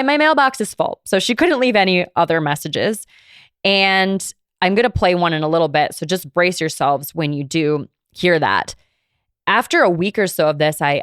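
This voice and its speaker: A woman hosting a podcast, calmly and earnestly telling a personal story about her family. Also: low-pitched, smooth, no echo, clean studio sound. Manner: calm, earnest, reflective retelling. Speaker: podcast host.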